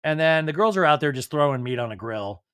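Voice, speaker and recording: A man hosting a podcast, recapping a show in a jokey, animated way and acting out quotes. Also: a little high, fast talker, clean tone, dry recording. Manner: animated, jokey, acts out quotes in different voices. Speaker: podcast host. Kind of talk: casual recap commentary.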